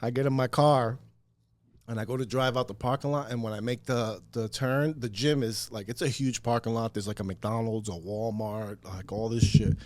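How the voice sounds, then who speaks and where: A man casually telling a story on a podcast, animated and profane, acting out what people said. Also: medium pitch, moderate pace. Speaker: podcast guest.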